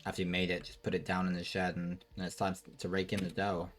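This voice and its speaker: A man doing a sly, smooth animal mentor. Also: deep voice, completely flat delivery, fast, a little hiss or hum, lightly acted. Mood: scheming.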